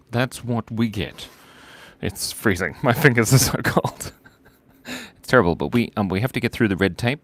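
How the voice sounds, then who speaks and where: A man hosting a live drawing stream, chatting casually, joking, laughing often and reading out viewer comments. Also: fairly low pitch.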